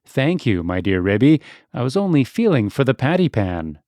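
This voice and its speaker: A man's voice: medium pitch, very animated, normal speed, a little mellow, no echo, clean studio sound, lightly acted. A man voicing an anxious, fussy female dog guest who whimpers and frets. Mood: fretful.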